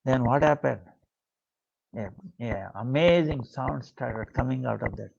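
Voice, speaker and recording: A man telling a devotional story as a lecture, unhurried and full of "you know" and pauses. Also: medium pitch, gravelly, a little mellow, husky, muffled recording. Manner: unhurried, filled with 'you know' and hesitations.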